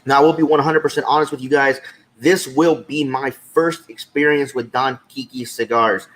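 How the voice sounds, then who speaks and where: A man co-hosting a podcast in casual chat, his voice at an ordinary middle pitch. He talks in a relaxed, easygoing way, full of "uh" and "um" as he thinks aloud. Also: moderate pace, poor audio. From California. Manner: relaxed, chatty, with many fillers. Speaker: podcast co-host.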